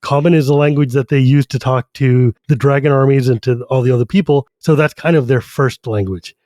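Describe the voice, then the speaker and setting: A podcast co-host with a mid-range voice, recorded dry, animatedly retells a fantasy novel in a casual book discussion. He tosses in quick character voices as he goes.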